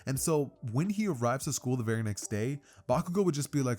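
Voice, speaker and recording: A man casually narrating a fan-made story in an energetic, slangy way. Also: medium pitch, fast talker, few pauses.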